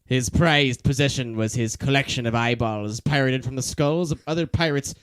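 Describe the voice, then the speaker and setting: A man co-hosting a podcast, reading prepared facts with a deadpan, joking delivery. His voice is smooth and sits at an average pitch. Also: normal speed. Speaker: podcast co-host. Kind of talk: reading out notes in casual chat.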